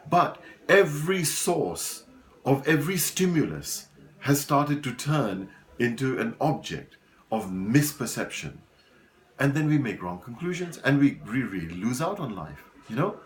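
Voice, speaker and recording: Guy giving a motivational talk, calls everyone folks, pitch goes all over the place. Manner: animated storyteller addressing listeners as folks; repeats words for emphasis. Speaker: motivational speaker.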